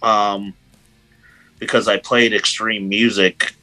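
A man being interviewed as a guitarist, telling stories in a casual, animated way with lots of "you know"s. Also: on the low side, slow, poor audio. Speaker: guest guitarist.

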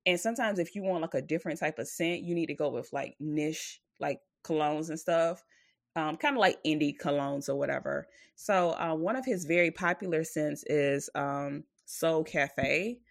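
Low-voiced rambling woman co-host. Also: moderate pace, gravelly, dry recording, clean studio sound. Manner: rambling, filler-heavy, with frequent "like" and "or whatever"; blunt and profane when ranting. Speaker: podcast co-host. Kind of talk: casual chat.

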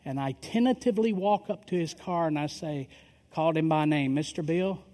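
A middle-aged man preaches from the pulpit, spinning a story and voicing each person in it. His voice sits a little high for a man. The sound carries the long echo of a big church hall. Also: normal speed. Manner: animated storyteller acting out quoted dialogue. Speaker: pastor. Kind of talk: sermon storytelling. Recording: long reverb of a large hall.

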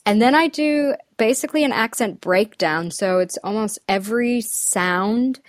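A woman's voice: a little high, unhurried, dry recording, clean studio sound. A woman who works as a dialect coach, chatting in an interview, thinking aloud and laughing between phrases. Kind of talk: casual interview chat.

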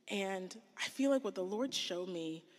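A woman in her thirties giving a casual, conversational sermon. She leans heavily on "like" and drops to a hushed whisper for emphasis. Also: mid-range voice, lively intonation, measured pace, a little hiss or hum. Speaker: speaker preaching to a church audience. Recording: long reverb in a hall.

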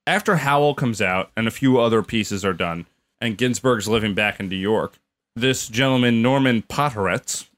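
A man's voice: fairly low pitch, fairly bright tone. Blunt, opinionated man in casual chat. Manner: opinionated, blunt, swears freely. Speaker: podcast co-host.

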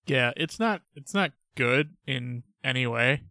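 A man's voice: medium pitch, animated, measured pace, creaky, bright, forceful tone, no echo, clean studio sound. A man co-hosting a podcast in casual chat, mostly chiming in with short remarks. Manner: brief agreeing remarks.

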